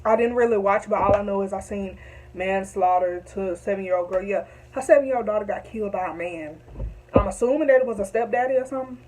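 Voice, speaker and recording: A woman's voice: medium pitch, fast talker, a little mellow, low-quality recording. A young woman telling a story to camera, emphatic and repetitive, heated at times. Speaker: vlogger.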